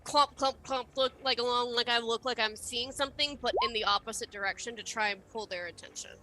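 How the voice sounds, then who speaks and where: A woman's voice: on the high side, fairly even intonation, quick pace, bright, forceful tone. A woman playing a tabletop game, chatting casually with fillers and laughing often. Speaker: player.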